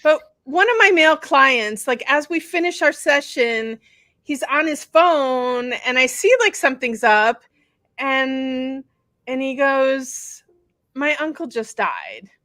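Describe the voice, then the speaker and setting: Chatty high-voiced woman, dry sound. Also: slow, pushed and bright, no echo. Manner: chatty, rambling with fillers and restarts. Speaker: podcast co-host and bodywork practitioner. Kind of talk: casual chat.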